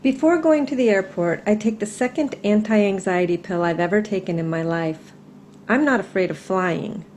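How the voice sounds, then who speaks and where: A middle-aged woman reading her own personal essay aloud in a calm, measured, reflective way. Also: mid-range voice, slight background noise.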